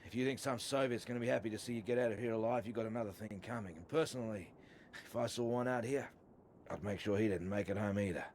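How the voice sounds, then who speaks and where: An actor playing a gruff, injured man who talks bluntly and swears casually. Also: fairly low pitch, fast talker, darkish tone, a little hiss or hum, natural voice. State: hurting from a leg injury.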